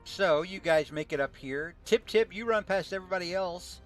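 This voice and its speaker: A man running a tabletop role-playing game as game master, describing scenes and working out dice results in a plain, steady way. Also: high voice, normal speed, soft background music.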